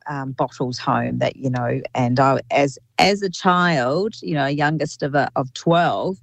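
A middle-aged woman, a winemaker talking casually in an interview, thoughtful with many pauses and restarts. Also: rumbling low, vocal fry, no echo. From New Zealand. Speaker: winemaker guest. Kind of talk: casual radio interview by phone.

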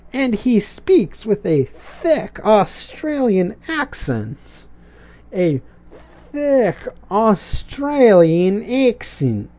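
An unhurried cartoon reviewer talks in casual commentary, the voice swinging up and down with lots of expression. The tone is soft and mellow, drifting into puzzled questions and dry little jokes. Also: medium pitch. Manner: rambling, puzzled, questioning asides.

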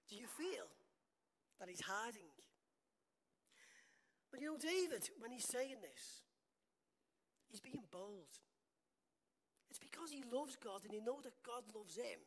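A woman's voice: fairly high pitch, expressive, measured pace, pauses often. Woman preaching a conversational sermon. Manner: conversational, asks the congregation rhetorical questions.

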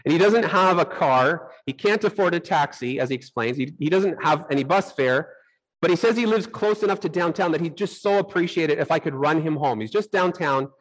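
A middle-aged pastor delivers a sermon through personal anecdotes. He tells them animatedly and acts out his own reactions. His voice sits a little on the high side for a man. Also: fairly quick, rough recording.

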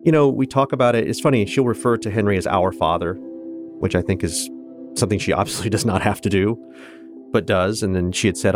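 Low-voiced earnest man from Kansas. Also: fairly quick, over music. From Kansas, USA. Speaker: interview guest. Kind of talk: personal storytelling in conversation.

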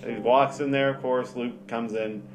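Male co-host, mid-pitch, casual profane film recap, faint music underneath. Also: steady tone, moderate pace. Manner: profane, laughing, retells scenes acting out lines. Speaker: podcast co-host. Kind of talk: casual movie review chat.

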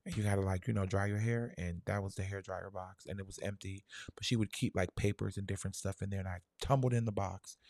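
A young man telling a personal childhood story in a soft, halting, reflective way, full of fillers. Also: sits low, steady tone, no room sound.

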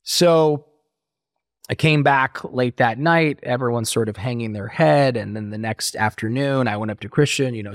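A man's voice: medium pitch, normal speed, no room sound, studio quality. A middle-aged man telling his story as an interview guest, acting out quoted voices as he talks.

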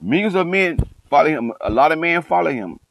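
A man's voice: fairly high pitch, sing-song, a little fast, creaky, a bit bright, no room sound, poor audio. A middle-aged man, a coach, giving a passionate, preachy monologue and hammering points home by repeating them. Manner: emphatic, repeats phrases, calls himself passionate. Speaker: coach and online commentator.

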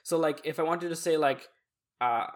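Animated young man chatting casually. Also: on the high side, moderate pace. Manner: animated, jumps into mock voices. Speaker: friend in conversation. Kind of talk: casual chat.

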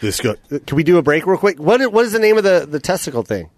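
Upbeat host tossing in quick reactions. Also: male voice, a little high, big pitch swings. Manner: short reactions, laughs along, teasing. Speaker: podcast host. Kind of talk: casual podcast chat.

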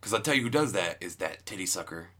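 Low-voiced joking man. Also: animated, fast, a bit bright. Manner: dry, crude jokes. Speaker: podcast co-host. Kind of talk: casual comedy chat.

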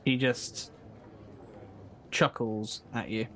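Slow-paced man narrating as game master. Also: mid-range voice, steady tone, sharp tone, a little hiss or hum. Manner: hesitant, descriptive, with many fillers. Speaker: dungeon master. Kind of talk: narrating an improvised tabletop game.

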